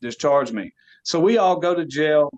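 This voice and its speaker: A man's voice: fairly high pitch, lively intonation, normal speed, a little mellow, dull audio. A man, a podcast guest telling a story in casual slang, laughing as he goes.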